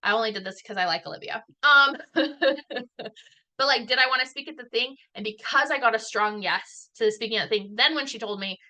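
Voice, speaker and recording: A woman's voice: a little high, a little fast, pushed and bright. A woman in her thirties giving a chatty, self-deprecating talk as a guest speaker, acting out the lines of people she quotes. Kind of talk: casual talk at an online event.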